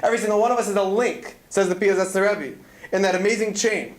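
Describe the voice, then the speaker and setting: A man's voice: high-pitched, fairly even intonation, quick pace, roomy sound. A man telling stories with earnest conviction in a Torah talk to students, weaving in Hebrew terms. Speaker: speaker at a student event. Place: event hall.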